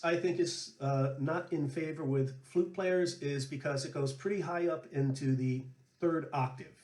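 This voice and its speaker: Chatty man telling stories in echoey room. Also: on the high side. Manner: chatty, anecdotal, relaxed. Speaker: flute player and show host. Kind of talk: storytelling and music tips.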